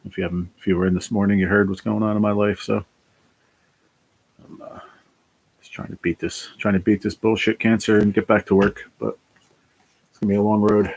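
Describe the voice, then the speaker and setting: Tired low-voiced New man. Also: flat delivery, fairly quick, gravelly, pauses often, a little mellow. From New Jersey. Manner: tired, sighing, swears casually. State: worn out. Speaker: livestream host reading chat. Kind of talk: casual livestream chat.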